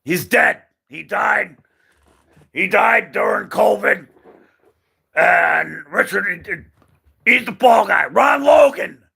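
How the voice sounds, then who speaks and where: A man's voice: sits high, animated, slow, vocal fry, pauses often, sharp tone, slightly rough. A man hosting his own channel, talking off the cuff in an emphatic, rambling way, repeating himself and groping for names. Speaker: channel host. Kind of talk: unscripted opinion monologue.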